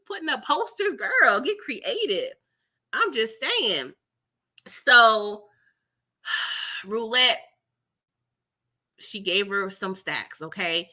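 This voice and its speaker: A woman hosting a casual TV recap livestream, with a bright, sharp tone. Her pitch swings widely as she slips into quick impressions of the characters. She talks in an animated, dramatic way, full of slang and exclamations. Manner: mimics characters' lines in quick voices. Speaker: recap channel host.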